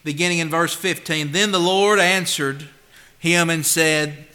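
A male preacher with a high, bright, forceful voice delivering a sermon. He leans hard on his points, drops to near-quiet asides, then swells back up. His scripture readings come slow and measured. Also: steady tone. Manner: emphatic, swings between loud and hushed; reads scripture slowly and deliberately.

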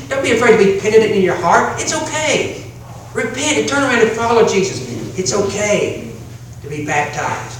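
Brief: male preacher, highish voice, pleading and repetitive, heard from a distance in a very echoey church. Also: a little hiss or hum. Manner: pleading, repetitive, swings between hushed and emphatic. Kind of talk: evangelistic sermon. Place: church sanctuary.

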